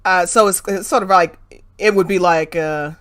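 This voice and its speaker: A woman's voice: fairly low pitch, moderate pace, a bit bright. A woman hosting a stream in casual chat, laughing and restarting her sentences as she talks. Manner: chatty, laughing, trails off and restarts. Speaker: stream host.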